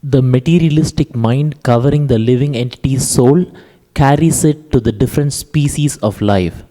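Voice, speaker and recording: Man, mellow, dark tone, reads scripture aloud with the echo of a long hall behind him. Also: medium pitch, moderate pace. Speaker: reader at a class. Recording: echoey temple hall.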